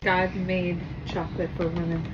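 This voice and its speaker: A woman's voice: on the low side, monotone, normal speed. Playful middle-aged Midwestern woman, muffled. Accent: Midwestern American. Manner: dry, playful banter. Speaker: host's mother. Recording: dull, noisy kitchen audio.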